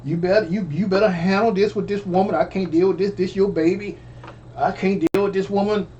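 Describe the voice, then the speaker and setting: A man's voice: high voice, fairly even intonation, fairly quick, dark tone, muffled recording, slight background noise, lightly acted. A man voicing an overwhelmed older woman who keeps repeating herself in exasperation, as part of a spoken true story. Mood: exasperated.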